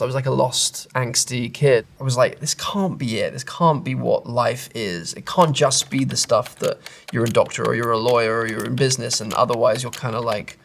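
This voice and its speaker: Gravelly-voiced Englishman musing casually. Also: medium pitch, a little hiss or hum. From England. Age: 30s. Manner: rambling, self-interrupting, laughs at himself. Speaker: actor answering internet questions. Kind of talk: casual reading and answering web comments.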